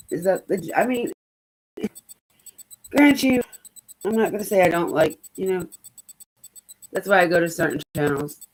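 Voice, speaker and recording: A woman's voice: medium pitch, darkish tone, rough recording. A woman chatting casually as a streamer, rambling and swearing freely. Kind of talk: casual chat.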